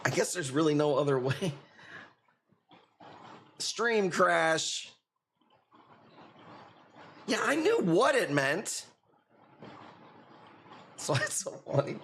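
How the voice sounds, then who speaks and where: A man's voice: fairly high pitch, a bit bright, a little hiss or hum. A man with a Chicago accent hosting a live coral-sale stream, chatting casually, swearing and laughing often. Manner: laid-back, profane, laughing often. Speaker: livestream host selling corals. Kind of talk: casual livestream chat.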